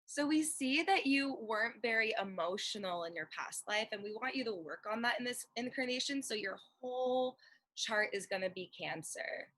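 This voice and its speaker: A woman's voice: a little high, expressive, normal speed, fairly bright tone. A woman guest delivering teasing improv lines on a podcast. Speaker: guest panelist.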